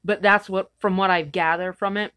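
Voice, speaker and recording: A woman's voice: medium pitch, steady tone, moderate pace, fairly bright tone, clean tone. A woman co-hosting a casual chat, rambling and irreverent, swearing freely. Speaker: podcast co-host.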